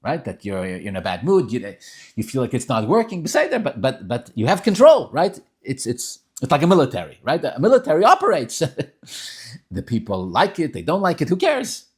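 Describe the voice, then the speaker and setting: Animated man teaching a Torah class. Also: medium pitch, fairly quick. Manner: animated, rising emphatic bursts, many restarts; sprinkles Yiddish and Hebrew terms. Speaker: rabbi teaching Tanya.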